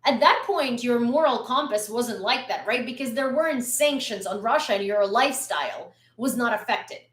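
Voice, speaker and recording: A woman's voice: fairly high pitch, lively intonation, normal speed, roomy sound. Angry, blunt woman ranting. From Ukraine. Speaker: vlogger. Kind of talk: opinion rant to camera.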